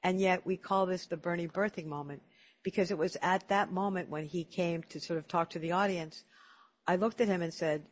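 A high-pitched man with a steady tone and fairly quick delivery hosts a casual interview, chatty and full of stories. He often repeats words when starting a sentence.

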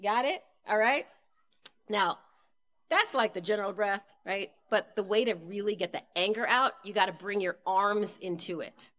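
A woman leading a live group breathing workshop, talking casually and encouragingly and counting the breaths out loud. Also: medium pitch, moderate pace. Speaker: breathwork instructor.

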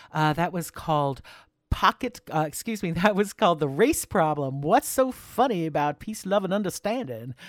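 A woman's voice: deep voice, no echo, studio quality. A woman hosting a community radio music show, chatting casually and enthusiastically between songs with the odd laugh. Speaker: radio host.

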